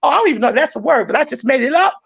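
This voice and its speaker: A woman hosting a podcast, loud and preachy, with an excitable, fiery delivery. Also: high-pitched, rapid-fire, gravelly. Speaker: podcast host. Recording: dull lo-fi sound.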